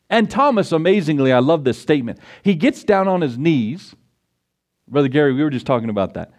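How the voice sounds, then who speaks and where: A man preaching a sermon, animated, acting out Bible scenes with quoted voices. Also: a little high. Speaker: pastor.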